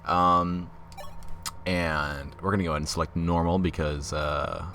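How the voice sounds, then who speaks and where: A late-teen let's play host chats through a game with music in the background, reading its text aloud, laughing often and poking fun at himself. His voice sits low and steady, a little slow, with a sharp tone. The commentary is casual, giggly and self-deprecating.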